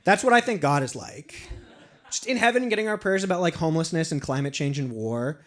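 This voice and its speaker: A man's voice: fairly high pitch, animated, fairly quick. A man doing a rambling, self-deprecating stand-up set in a small apartment, acting out little voices. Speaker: stand-up comedian. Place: small apartment with a live audience. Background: audience laughter.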